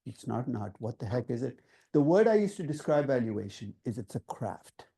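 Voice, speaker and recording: A man giving a classroom lecture as a professor, lively and emphatic, talking directly to students and asking them questions. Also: medium pitch, moderate pace, breathy edge. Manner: lively, emphatic, conversational teaching with rhetorical questions.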